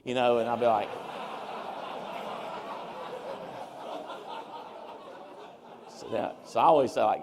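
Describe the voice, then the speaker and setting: A man giving a seminar talk as a speaker, telling his story with lively, animated swings as he acts out what people said. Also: medium pitch, extremely slow, long pauses, background noise. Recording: reverberant hall.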